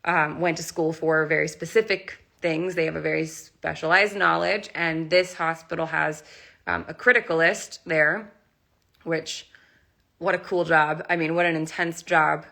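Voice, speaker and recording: Young woman vlogger near tears, very gravelly vocal fry, bright edge, rambling live phone chat. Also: low voice, steady tone, unhurried. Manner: emotional, rambling, heavy use of "like". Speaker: animal rescuer and channel host. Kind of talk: casual live-stream chat.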